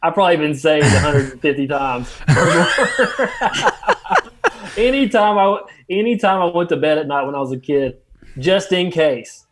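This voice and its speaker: Playful laughing man, slightly higher voice. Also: animated, moderate pace, a crowd in the background. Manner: laughs often, playful teasing. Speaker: podcast co-host. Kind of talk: casual chat.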